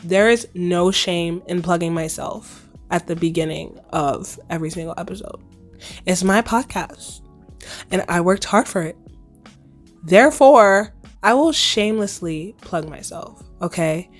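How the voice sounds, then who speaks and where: Hoarse young woman chatting on her podcast. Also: fairly low pitch, measured pace, soft background music. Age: 20s. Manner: chatty, playful slang, laughs often. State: hoarse, recovering lost voice. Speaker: podcast host. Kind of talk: casual solo podcast chat.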